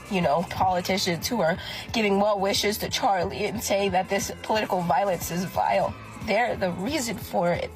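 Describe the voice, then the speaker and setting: A woman's voice: medium pitch, low-quality recording. A woman in an angry, tearful political rant, swearing heavily. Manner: furious, swearing, near tears.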